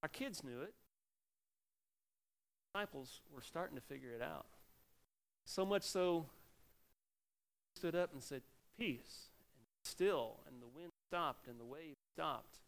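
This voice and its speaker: Male pastor, middle-aged, sermon, animated, bursts of loud emphasis, slightly high voice. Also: slow, vocal fry, long pauses. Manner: animated preaching with sudden loud exclamations.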